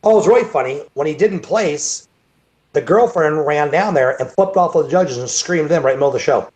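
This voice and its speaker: In a high-leaning, expressive, darkish voice, a bodybuilding event promoter talks fast on a video call, recounting a rambling story for an interview and frequently repeating words or beginning again.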